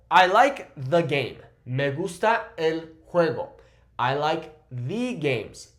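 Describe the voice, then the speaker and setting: Lively man teaching in an echoey room. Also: fairly high pitch. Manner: lively, says "okay?" often, slows down to model phrases. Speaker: Spanish teacher. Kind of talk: casual video lesson.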